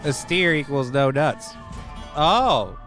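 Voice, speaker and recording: A man's voice: on the high side, expressive, takes it slowly, a bit bright, faint music behind. A man hosting a casual news show, reading stories aloud and riffing on them with irreverent, profane asides. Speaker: show host.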